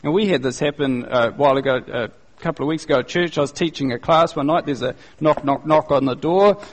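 A male pastor preaching a sermon in a conversational, animated way, using casual slang and acting out the people he quotes. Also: on the high side, quick pace. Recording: long reverb, echoey hall.

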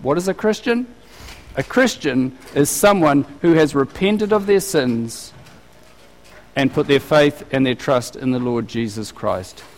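A man's voice: mid-range voice, lively intonation, measured pace. Man preaching in a reverberant hall. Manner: conversational preaching with rhetorical questions. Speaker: pastor. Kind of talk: sermon.

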